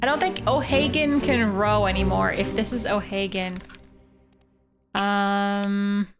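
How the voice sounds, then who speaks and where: A woman's voice: medium pitch, fairly even intonation, slow pace. A woman from Canada streaming a game live, thinking aloud in a playful way. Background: game music.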